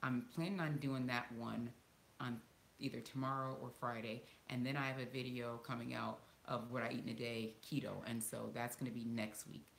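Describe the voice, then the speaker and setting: A woman's voice: rumbling low, fairly even intonation, moderate pace, gravelly. A woman in her thirties chatting casually with viewers from home, talking loosely with lots of ums and laughs. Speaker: vlogger answering viewer questions. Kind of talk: casual live Q&A chat. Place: home room. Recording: echoey room with faint hiss.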